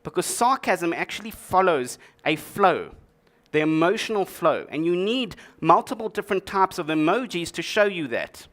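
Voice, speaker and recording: A man's voice: sits high, expressive, moderate pace, hardly any pauses, fairly bright tone. A man giving a tech conference talk to an audience, with a dry, joking delivery full of sarcastic asides. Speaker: conference speaker. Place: conference stage before an audience.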